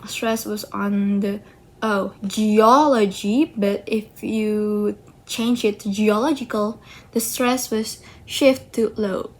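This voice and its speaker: A woman, presenting slides in a student project on word stress, talking haltingly with frequent restarts. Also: fairly high pitch, a little mellow. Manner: halting, slow, restarts and self-corrections. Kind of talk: slide presentation explaining pronunciation.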